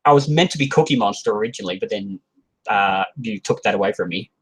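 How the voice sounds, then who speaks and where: A man's voice: on the low side, quick pace, breathy edge, low-quality recording. A man co-hosting a live podcast chat, talking casually and animatedly. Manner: animated, slips into silly character voices. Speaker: podcast co-host.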